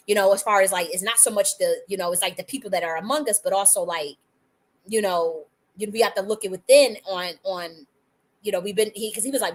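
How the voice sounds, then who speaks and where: Woman, from the United States, has a cold, livestream host, angry profane rant, medium pitch. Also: a bit bright. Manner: angry, profane, rapid-fire ranting with restarts. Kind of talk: heated monologue on a livestream.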